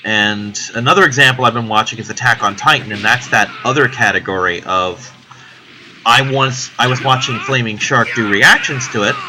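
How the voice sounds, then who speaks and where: A man's voice: mid-range voice, moderate pace, over music, rough recording. A young man chatting casually while playing a video game, rambling, swearing now and then. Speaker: let's play host. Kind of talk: casual gaming commentary.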